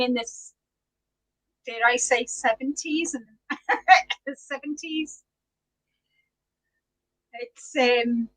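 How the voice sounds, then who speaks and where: A woman's voice: high-pitched, a bit bright, rough recording. A middle-aged woman hosting a live knitting podcast, chatty and giggly, greeting viewers by name. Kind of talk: casual live-stream chat.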